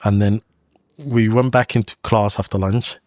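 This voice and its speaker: A man's voice: on the low side, fairly even intonation, moderate pace, a little mellow, no echo, clean studio sound. A man speaking as a guest in a podcast interview, telling a personal story in a loose, chatty way full of "like" and "you know".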